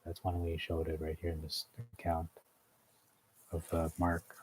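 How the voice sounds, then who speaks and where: A man's voice: deep voice, completely flat delivery, normal speed, slight background noise, low-quality recording. A man leading an informal Bible study, thinking aloud as he explains what words mean, with frequent fillers.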